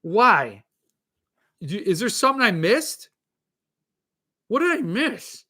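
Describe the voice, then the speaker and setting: A man's voice: high-pitched, big pitch swings, takes it slowly, pushed and bright, breathy edge. A middle-aged man hosting a casual solo podcast, reading out chat comments and ranting in exasperation. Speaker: podcast host.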